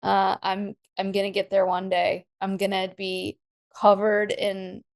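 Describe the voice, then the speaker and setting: Effusive woman host, casual and excitable. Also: medium pitch, unhurried, gravelly. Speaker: podcast host. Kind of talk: casual podcast chat.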